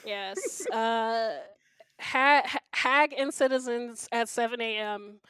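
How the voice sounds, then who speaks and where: A woman hosting a casual podcast, her voice smooth and clear and a little high. She talks slowly and rambles through updates with relaxed fillers, recorded close and dry. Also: dry recording. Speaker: podcast host. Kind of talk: casual chat.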